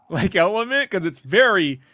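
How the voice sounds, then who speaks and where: A man co-hosting a casual review chat, animated and rambling, laughing often. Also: high-pitched, unhurried, dry recording, studio quality. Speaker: podcast co-host.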